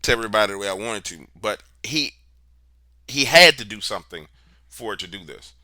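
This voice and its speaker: A man's voice: on the low side, animated, a little fast, bright, forceful tone, dry recording, studio quality. A man being interviewed, telling a story in a casual, slangy, emphatic way. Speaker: interview guest, paranormal researcher.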